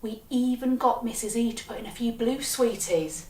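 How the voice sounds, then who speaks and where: A woman storyteller telling comic tales from her childhood with a wry, deadpan delivery. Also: fairly high pitch, normal speed, slight background noise. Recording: roomy sound from a distant mic.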